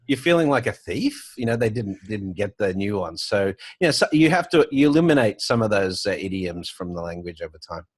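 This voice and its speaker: A middle-aged man with a softened Australian accent, telling stories as an interview guest, full of fillers and restarts. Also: fairly low pitch, expressive, brisk, few pauses, slightly rough, no echo. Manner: storytelling, with frequent fillers and restarts. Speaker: guest, banking entrepreneur. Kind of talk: casual conversational interview. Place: home office with artwork on the wall.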